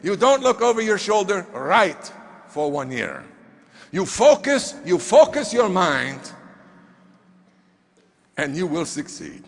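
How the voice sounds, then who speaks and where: A man's voice: high voice, sing-song, slow pace, gravelly, long pauses, heavily acted. A man voicing a small, blunt male business mentor who speaks in broken English and presses the same question over and over. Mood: insistent. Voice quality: broken English, insistent repetition. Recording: reverberant hall.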